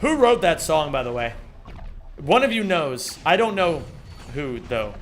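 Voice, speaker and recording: A man streaming a speedrun, excitable, swearing freely and bantering with his chat. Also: a little high, unhurried, slight background noise. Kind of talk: live-stream commentary while playing.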